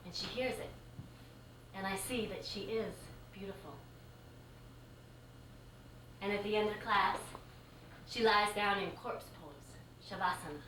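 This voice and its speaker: A woman yoga teacher performing a live storytelling monologue, animated and conversational, full of casual fillers. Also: mid-range voice, a little slow, long pauses. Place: stage before a laughing audience. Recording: echoey, distant live stage recording with noise.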